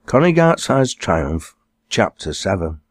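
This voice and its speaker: Very deep-voiced man reading his novel. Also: measured pace, dry recording, clean studio sound. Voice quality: expressive storytelling. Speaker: author narrating his book. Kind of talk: audiobook narration.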